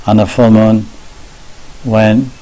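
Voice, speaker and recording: A monk giving a devotional sermon, telling stories in a measured way and slowing down to stress key words. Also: male voice, lowish voice, flat delivery, mellow, no echo, poor audio. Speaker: monk lecturer.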